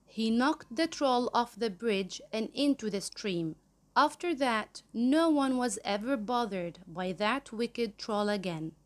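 Slow, high-voiced woman reading a story. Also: animated. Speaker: storyteller host of the channel. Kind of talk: reading a children's story aloud.

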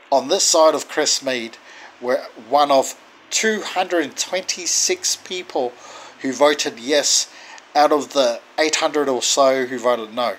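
A man's voice: mid-range voice, fairly bright tone, poor audio. A man speaking his mind in a casual monologue, indignant and emphatic, repeating words for stress. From Australia.

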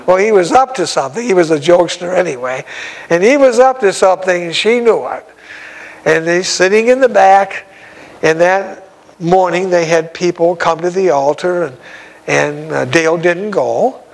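High-voiced folksy preaching man. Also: moderate pace, creaky, poor audio. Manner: folksy, exclamatory, chuckles often. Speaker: evangelist. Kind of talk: sermon storytelling.

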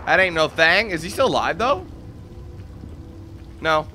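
Excitable, cursing gameplay commentator man. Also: fairly high pitch, measured pace, slight background noise. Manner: excitable, swears a lot, yells when panicked. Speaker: let's play commentator.

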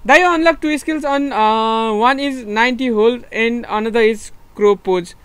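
Young male streamer with a Nepali accent, excitable live commentary, laughs a lot, repeats himself. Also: very high-pitched, a little slow, smooth, no room sound. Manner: excitable, laughing, repeats words, switches between English and Nepali. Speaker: gaming streamer.

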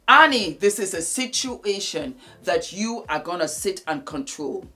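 A woman's voice: lowish voice, animated, slow, music in the background. A woman giving blunt, preachy gossip commentary straight to the camera, addressing the subject directly. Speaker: celebrity gossip vlogger.

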